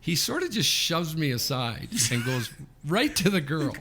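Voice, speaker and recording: A man in his fifties from Canada, co-hosting a podcast and telling an anecdote in a lively way, often checking in with "okay?". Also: a little high, unhurried, background noise. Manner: animated anecdote teller, frequent "okay?" check-ins. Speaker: podcast co-host. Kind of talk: casual storytelling.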